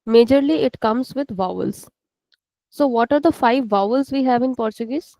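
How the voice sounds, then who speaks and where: A patient woman teaching an online language lesson to students, repeating words slowly and explaining each sound. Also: on the high side, warm tone, no echo, poor audio.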